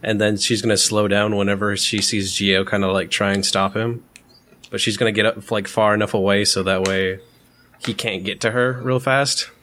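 A man with a lowish voice playing a tabletop game. He rambles through his character's actions, with many likes and uhs along the way. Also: flat delivery, moderate pace, sharp tone. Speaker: player. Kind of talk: casual tabletop game chat.

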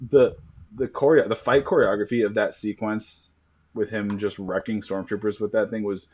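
A lower-pitched man chatting excitedly on a podcast, swearing freely as he gushes. His mic sounds a little muffled and lo-fi. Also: moderate pace, slightly rough. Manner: animated, swearing, excited storytelling. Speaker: podcast co-host. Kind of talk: casual chat.

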